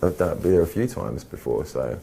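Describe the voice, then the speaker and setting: A young man with an English accent talks in a slow, measured, unhurried way, relaxed and easygoing. His voice sits very low and sounds dark and mellow. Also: vocal fry, a little hiss or hum. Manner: slow, measured, laid-back. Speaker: actor interviewee. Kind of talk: casual interview.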